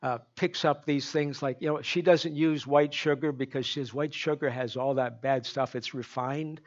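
A man's voice: medium pitch, fairly even intonation, normal speed, highs cut off. A man from Canada preaching a folksy sermon, chatty and joking with the congregation. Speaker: pastor.

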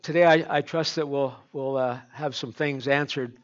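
A man's voice: mid-range voice, fairly even intonation, moderate pace, highs cut off. A man from Canada preaching a folksy sermon, chatty and joking with the congregation. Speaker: pastor.

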